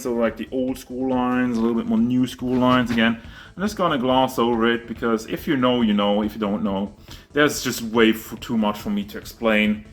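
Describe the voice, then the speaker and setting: A man touring his toy collection at home, rambling and self-mocking, out of breath as he moves around with a handheld camera. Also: mid-range voice. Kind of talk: casual collection tour. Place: home with figure shelves, indoors. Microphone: handheld camera moving around.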